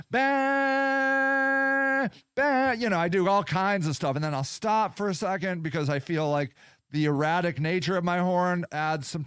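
A man's voice: high voice, clear, resonant tone, no echo, studio quality. A man ranting in a casual, angry and sarcastic way, swearing often as he tells a story. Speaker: podcast host. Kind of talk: casual rant.

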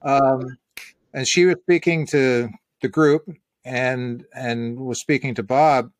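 A man's voice: medium pitch, steady tone, takes it slowly. A middle-aged man hosting a casual conversation, telling stories in a reflective way with easy laughs.

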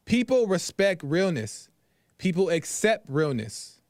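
A man's voice: high-pitched, sing-song, takes it slowly, darkish tone, no room sound, studio quality. A man hosting a call-in talk show, sharing his opinions earnestly and repeating his points for emphasis.

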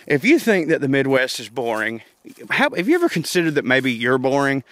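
A man's voice: medium pitch, very animated, brisk, a bit bright. A man with a Southern US accent, from Georgia, delivering a profane, rambling comedic rant and laughing at himself. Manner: profane, rambling, self-mocking, laughs often. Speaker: comedian podcast host.

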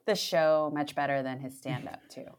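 A woman's voice: sits low, steady tone, normal speed, a little hiss or hum. A woman co-hosting a podcast, talking casually and thoughtfully, hedging her points with fillers and light laughs. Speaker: podcast co-host. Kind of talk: casual chat.

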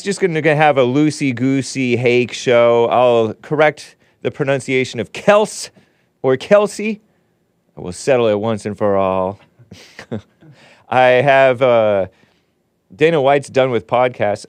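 A man's voice: medium pitch, clear, resonant tone, no echo. A middle-aged man hosting his own livestream show, chatting casually in a rambling way with joking asides. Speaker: show host. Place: home studio in Los Angeles.

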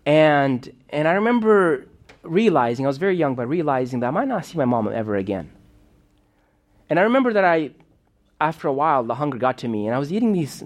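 A man telling a personal story in a sermon, talking in a loose, conversational way full of fillers and restarts. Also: mid-range voice. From Moldova. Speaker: preacher.

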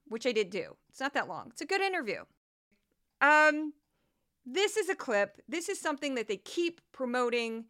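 A woman hosting a political commentary podcast, talking in an animated, indignant way and rattling off long lists with ums and uhs. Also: sits high, moderate pace. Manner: animated, gets worked up and indignant. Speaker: podcast host.

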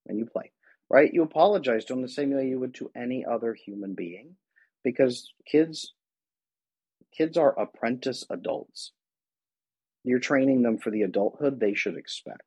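A man's voice: mid-range voice, lively intonation, moderate pace, a little mellow, husky, no room sound. A man who works as an attachment specialist, speaking earnestly as a guest in a conversational interview and acting out talks with his kids.

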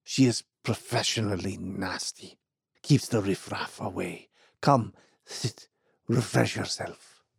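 A man voicing an ailing elderly male mine owner, gruff yet hearty, with a strained, raised old voice. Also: fairly low pitch, takes it slowly, dry recording, clean studio sound, exaggerated voice.

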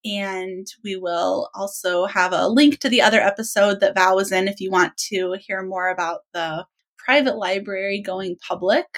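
A woman hosts a podcast, chatting casually and enthusiastically about books and laughing often. Her voice is medium-pitched, and the recording quality is low.

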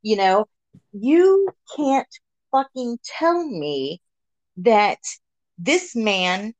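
A woman at medium pitch talks extremely slowly on a rough recording. As a podcast host in casual political conversation, she is blunt, swears heavily, and goes off on animated rants.

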